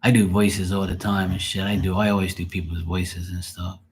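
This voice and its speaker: A man's voice: sits low, level tone, a little fast, a little hiss or hum. A man with a Bermudian accent chatting casually on a livestream as a tarot reader, rambling and swearing freely. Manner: rambling, profane, laughs often. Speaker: live tarot reader and streamer.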